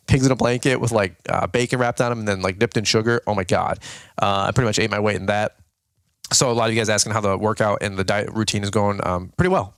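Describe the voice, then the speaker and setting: A man's voice: lowish voice, a bit bright, smooth, dry recording. A man hosting a lawn care business channel, giving viewers a casual, rambling update full of "dude" and "okay?".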